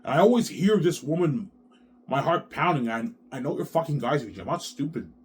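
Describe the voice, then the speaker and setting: Man, 30s, vlogger. Agitated, repetitive, swears constantly, with pitch swinging wide between loud outbursts and low mutters. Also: lively intonation, fairly quick, a little hiss or hum. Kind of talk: rambling monologue to camera.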